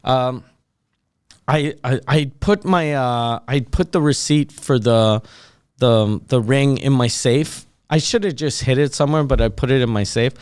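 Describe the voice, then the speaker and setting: A man's voice: medium pitch, measured pace, darkish tone, clean tone, no echo. Québécois man telling crude stories. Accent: Québécois French. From Quebec, Canada. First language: French. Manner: crude storyteller acting out quotes. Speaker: podcast co-host. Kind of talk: casual comedy chat.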